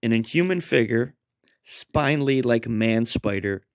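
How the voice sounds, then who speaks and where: A man in his thirties narrating a story in a deadpan, wry, profane way. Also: mid-range voice, a little slow, dry recording, studio quality. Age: 30s.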